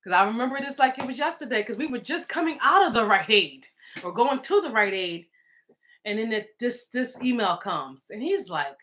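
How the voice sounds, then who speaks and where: A woman with a somewhat high voice talks in a casual, rambling way. She sounds indignant and emotional, with plenty of restarts along the way. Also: animated, moderate pace, a bit bright. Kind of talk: casual live video talk.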